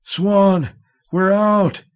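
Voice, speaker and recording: An audiobook reader, a man, voicing a weary young man digging his way upward, who shouts when he gets excited. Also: fairly low pitch, moderate pace. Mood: elated.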